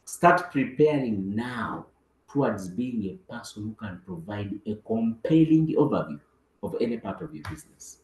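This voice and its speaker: A man coaching his team in a lively, sing-song voice that swoops up and down. He acts out little dialogues and repeats words for emphasis. The sound bounces around an echoey room. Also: fairly low pitch, moderate pace. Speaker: business team trainer. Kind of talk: motivational training talk.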